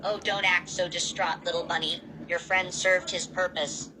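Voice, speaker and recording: A woman's voice: lowish voice, level tone, normal speed, noisy background, natural voice. A woman doing a mocking monster villain. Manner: taunting, gloating villain voice. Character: menacing mocking male monster, huge and cruel. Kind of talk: amateur fan audio drama.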